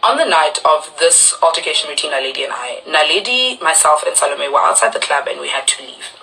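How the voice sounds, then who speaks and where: A young woman tells a story on a livestream. Her voice sits a little low yet sounds bright and forceful. She talks in an animated way and acts out what each person said. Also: fairly quick, creaky, rough recording. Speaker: reality show housemate. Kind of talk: livestream retelling.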